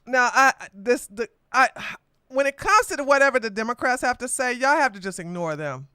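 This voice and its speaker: A woman's voice: fairly high pitch, big pitch swings, a little fast, bright, forceful tone, smooth, dry recording. A woman hosting a livestreamed political commentary podcast, talking in a combative, mocking way with frequent laughter. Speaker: podcast host.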